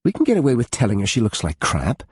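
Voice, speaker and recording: A caring, outspoken young woman, as a male narrator voices her, with a raised, husky tone. She talks with a quick, lively lilt, and the sound is close and dry. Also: medium pitch, no echo, voice pushed up, heavily acted. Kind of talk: audiobook character voice.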